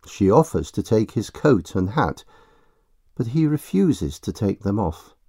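A low, mellow male voice reading a storybook aloud at a leisurely pace. His pitch moves widely and expressively, and the sound is dry and close to the mic. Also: big pitch swings, a little slow, slightly rough, dry recording. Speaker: narrator. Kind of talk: storybook narration.

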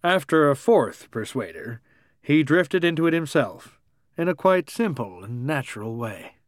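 A man's voice: on the high side, sing-song, a little slow, dry recording, clean studio sound. Man narrating an audiobook.

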